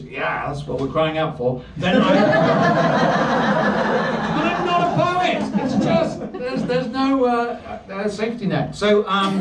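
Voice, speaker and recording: Rambling comic in a noisy bar. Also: male voice, high voice. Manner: rambling, self-deprecating, trailing off into asides. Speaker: stand-up comedian. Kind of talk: stand-up comedy set. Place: comedy night in a bar, live audience laughing. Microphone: handheld stage mic, recorded from a distance. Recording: roomy, distant, noisy bar recording.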